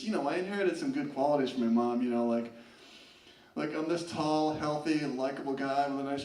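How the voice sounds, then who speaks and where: A young man rambles through a stand-up story at a college open mic, leaning on fillers. His voice sits fairly high. The sound is echoey and distant, picked up across a lounge. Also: darkish tone. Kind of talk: stand-up comedy.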